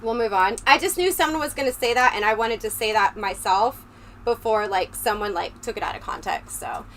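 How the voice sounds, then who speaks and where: A woman livestreamer with a slightly high voice talks straight to her chat in a loose, rambling way. She is close on a desk microphone at home, with a low fan humming faintly behind her. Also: animated, a little fast, fairly bright tone. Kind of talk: casual livestream chat with viewers. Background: low fan hum.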